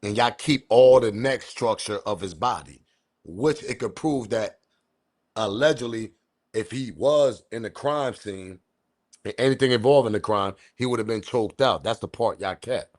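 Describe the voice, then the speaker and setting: A man's voice: on the low side, normal speed. Slangy man doing casual commentary. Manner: animated, slangy, repeats points. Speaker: commentary channel host. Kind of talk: casual commentary on audio clip.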